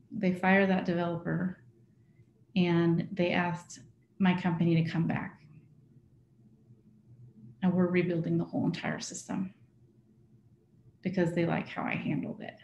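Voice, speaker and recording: A woman's voice: on the low side, mellow, slight background noise. A woman presenting a workshop to a live audience, speaking conversationally and checking in with her listeners. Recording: echoey room.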